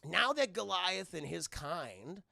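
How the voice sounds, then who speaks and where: A man's voice: high voice, very animated, slow, gravelly, sharp tone, no room sound, studio quality, heavily acted. A man putting on a whiny trickster spirit. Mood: sly. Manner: whiny, sulky, sly.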